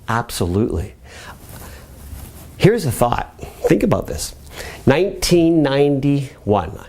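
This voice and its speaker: A middle-aged man teaching a motivational web lesson on personal growth, coaching the listener with energetic, repeated commands. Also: mid-range voice. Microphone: camera mic.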